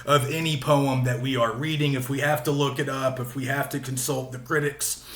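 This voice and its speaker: A man's voice: medium pitch, fairly even intonation, normal speed, a bit bright, reverberant. A man giving a patient, explanatory literature lecture, repeating key points and using frequent fillers. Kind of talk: recorded classroom lecture.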